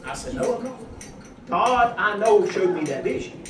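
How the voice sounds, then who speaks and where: A man telling a folksy, animated testimony at a church gathering, acting out the voices in his story. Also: sits high, normal speed, crowd noise. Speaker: church member giving a testimony. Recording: echoey room, distant mic, audience noise.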